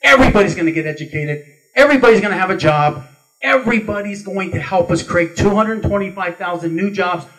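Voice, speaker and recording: Higher-voiced man rallying a crowd. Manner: rallying, emphatic oratory. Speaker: political candidate. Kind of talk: campaign closing statement. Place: meeting hall forum. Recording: distant room mic.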